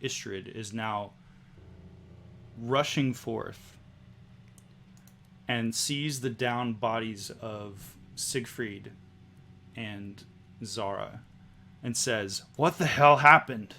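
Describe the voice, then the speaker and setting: A man narrating as game master, in a slow, hushed style with pauses. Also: on the low side, fairly even intonation, creaky, a little hiss or hum.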